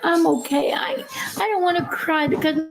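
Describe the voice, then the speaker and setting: A woman's voice: very high-pitched, animated, normal speed, creaky, over loud music, low-quality recording. An older woman, a grandmother, talking to viewers on a livestream, crying, pleading and defensive. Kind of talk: tearful livestream talk to viewers.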